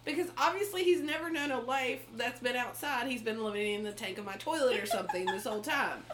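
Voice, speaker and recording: A woman co-hosting a podcast, telling a story in a casual, animated way with frequent laughs and swearing. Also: a little high, fast, background noise. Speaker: podcast co-host.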